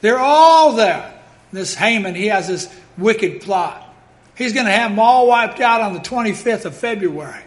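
A male preacher with a notably high voice for a man, preaching a sermon. He is dramatic and emphatic, rising to loud declarations and then dropping into hushed, solemn asides. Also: expressive, moderate pace.

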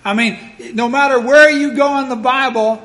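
A man preaching a sermon in a dramatic, emphatic way, swinging between loud declarations and hushed asides. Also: extremely high pitch, fairly even intonation, normal speed.

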